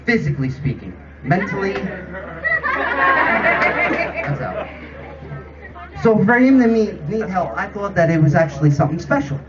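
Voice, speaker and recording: Brief: high-voiced man, crude roast storyteller; distant, muffled mic, loud audience around him. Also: sing-song, brisk. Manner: profane, exasperated storytelling. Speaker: roast speaker. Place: comedy roast venue with audience. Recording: distant lo-fi room recording with loud crowd.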